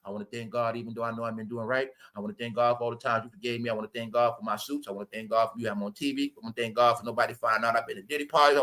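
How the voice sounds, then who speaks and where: A man's voice: flat delivery, bright, forceful tone, natural voice. A man doing a mocking impression of a frightened older male TV host, rattling off thanks to God and pleading. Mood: rushed thanks. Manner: rushed, low pleading mimicry.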